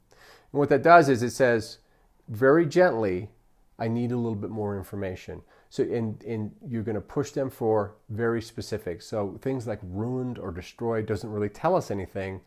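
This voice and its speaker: A man's voice: mid-range voice, moderate pace. A man giving a customer service training talk, often checking in with "right?" and acting out what customers and staff say. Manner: coaching, repeats "right?" often, acts out customer quotes. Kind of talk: training lecture.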